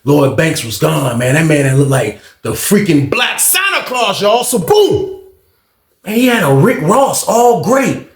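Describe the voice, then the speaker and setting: Animated slangy guy telling a story to y'all, kinda high gravelly voice, roomy echo. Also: measured pace. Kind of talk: casual storytelling to viewers.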